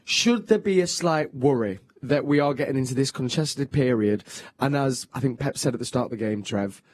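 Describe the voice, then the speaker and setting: A man's voice: mid-range voice, normal speed, a little mellow, no room sound. A man presenting a post-match football show from a studio, chatty and steering the panel with questions.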